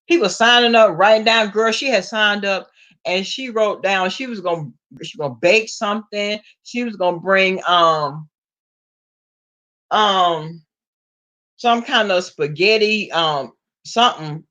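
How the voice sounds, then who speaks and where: A woman with a Southern US accent telling stories in a sassy, animated way, laughing often. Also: medium pitch, unhurried. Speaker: vlogger. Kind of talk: casual storytelling.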